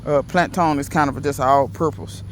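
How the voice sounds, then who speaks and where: A man's voice: a little high, steady tone, normal speed, a little hiss or hum. A man in a casual gardening vlog, chatty and emphatic, talking to viewers outdoors in his garden. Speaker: home gardener.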